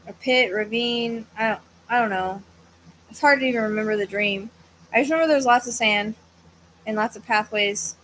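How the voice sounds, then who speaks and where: With a fairly high, fairly bright voice and a moderate pace, a woman hosts a psychic medium livestream at home as a fan runs. Her casual chatter sounds tired and hesitant, rambling along with many fillers and sometimes a yawn. The poor audio has a little hiss or hum.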